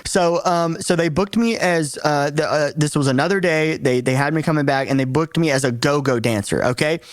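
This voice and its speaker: A young man from Tennessee, a podcast guest telling lively stories in casual chat, repeating words and acting out quotes. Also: on the high side, brisk, dry recording. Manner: animated storyteller, repeats words, acts out quotes. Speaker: guest, actor and streamer.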